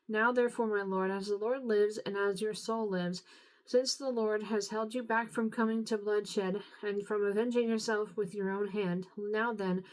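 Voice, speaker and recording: A tired woman reading scripture aloud, unhurried, now and then stumbling and apologizing. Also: mid-range voice, rough recording. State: tired, yawning. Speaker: Bible reader.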